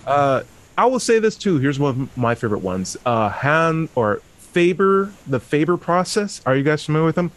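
A man hosting a casual panel chat, animated and chatty, telling stories with asides. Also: a little high, normal speed. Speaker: host.

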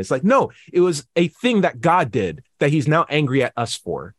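A man's voice: on the high side, sing-song, brisk, dry recording, studio quality. A man in casual podcast chat, arguing with sarcasm and acting out quoted people in mocking voices.

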